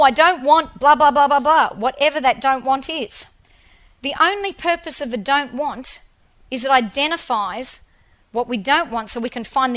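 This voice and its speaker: A woman giving a motivational presentation, telling stories with lively emphasis and repetition. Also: sits high. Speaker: motivational speaker.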